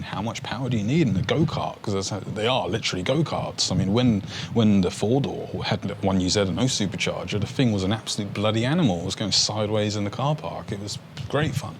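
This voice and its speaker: A man with a low, deep voice talks casually to his viewers, rambling from one thought to the next. He gets excitable, restarts his sentences often and swears mildly. A faint hum of noise sits behind him. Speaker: car enthusiast vlogger. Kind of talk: casual talk to camera.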